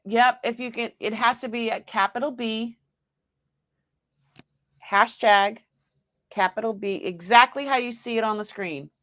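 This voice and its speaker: Slow-talking Boston woman hosting a live sale. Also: on the high side. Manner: chatty, talks to herself while working the screen; excited squeals when announcing a winner. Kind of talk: live-stream chat.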